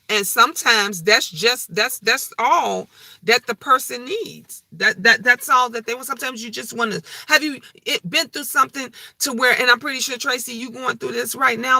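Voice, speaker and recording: A middle-aged woman speaks to her viewers in a casual livestream, emotional and heartfelt, often circling back over the same words. Her voice is very bright and forward. The sound is dry and close, with no room around it. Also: high voice, dry recording. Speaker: vlogger.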